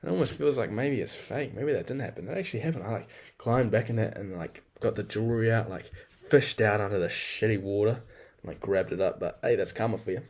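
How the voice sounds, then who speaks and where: A man's voice: lowish voice, quick pace, darkish tone. A young man talking through a rambling, frank personal monologue, swearing freely and poking fun at himself. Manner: rambling, swears a lot, frank and self-deprecating.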